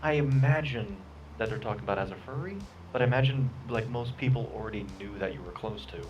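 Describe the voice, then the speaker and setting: A man's voice: mid-range voice, quick pace, rough recording. A man asking hesitant, filler-heavy questions in a casual chat. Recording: music behind, voice from further off.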